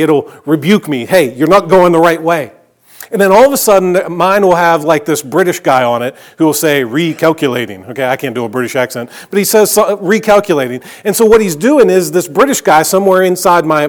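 A middle-aged male pastor preaching a sermon, telling stories in a conversational way and dropping to a hush on key phrases. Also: a little high.

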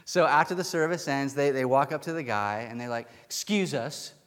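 A man's voice: mid-range voice, a little fast, fairly bright tone, clear, resonant tone. A male pastor preaching a conversational sermon in a church, telling a story with restarts and chuckles. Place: church sanctuary with pews. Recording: long hall reverb in a church.

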